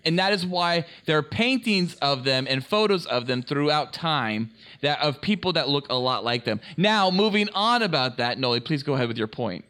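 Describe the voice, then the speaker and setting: A man's voice: a little high, lively intonation, normal speed, bright, forceful tone. A young man co-hosting a casual podcast, steering the topics with crude, joking talk. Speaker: podcast co-host.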